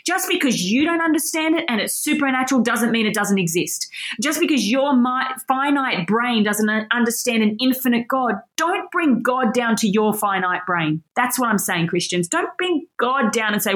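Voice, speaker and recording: A woman's voice: fairly high pitch, animated, moderate pace, a bit bright. A woman teaching scripture with enthusiasm, reading passages aloud and breaking in with emphatic, insistent comments. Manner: passionate and insistent. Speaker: Bible teacher. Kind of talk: Bible teaching.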